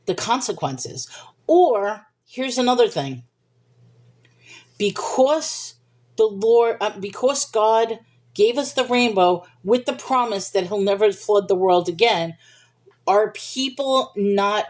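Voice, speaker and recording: A woman hosting a livestream, talking casually about faith and reading viewer comments, chatty and thinking aloud with restarts and little laughs. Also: mid-range voice.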